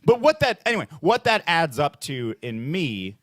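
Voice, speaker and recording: A man's voice: on the high side, very animated, normal speed, dry recording. A man doing a self-mocking stand-up set at an open mic, acting out his own inner dialogues. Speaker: stand-up comedian and emcee. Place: small bar stage at an open mic.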